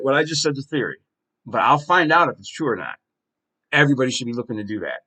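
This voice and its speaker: A man's voice: medium pitch, big pitch swings, fast, bright, forceful tone. A man hosting his own podcast, delivering a heated, profane solo monologue with strong emphasis. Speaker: podcast host.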